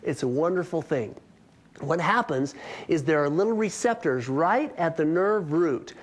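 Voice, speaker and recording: A man's voice: on the high side, lively intonation, a little slow. A man in his thirties giving a health workshop talk, telling a story with self-mocking humor before moving on to teaching.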